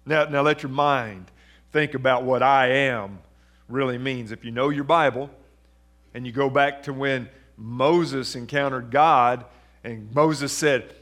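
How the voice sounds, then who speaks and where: A man's voice: mid-range voice, normal speed, a bit bright. A man preaching a sermon in a church, reading scripture and talking through it conversationally with questions to the congregation. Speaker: pastor.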